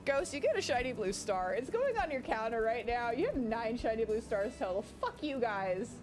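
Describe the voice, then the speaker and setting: A woman streaming a video game in casual, profane chat, swinging between low mutters and excited shouting over game music. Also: moderate pace. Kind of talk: casual let's-play chat. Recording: game music playing behind.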